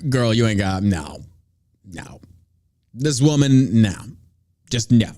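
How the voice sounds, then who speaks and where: Heated, animated male podcast host. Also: on the low side, slow pace. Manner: ranting, profane, heated. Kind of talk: casual political commentary.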